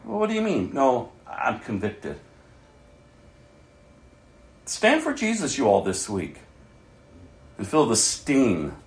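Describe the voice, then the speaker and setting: A man preaching a sermon, moving from loud calls to hushed, near-whispered asides. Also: mid-range voice, huge pitch swings, measured pace, echoey room.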